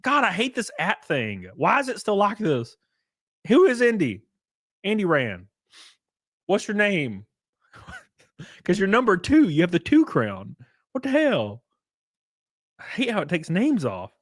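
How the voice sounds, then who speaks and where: A man's voice: high-pitched, huge pitch swings, a little slow, pauses often, no room sound, clean studio sound. A young man casually chatting on a livestream, reading chat aloud with crude, rambling jokes.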